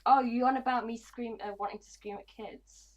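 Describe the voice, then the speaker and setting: A woman's voice: a little high, steady tone, brisk, highs cut off. A woman, chatting casually and bluntly on a gaming livestream. She swears freely and mutters to herself as she plays. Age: 20s. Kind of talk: casual livestream chat while playing.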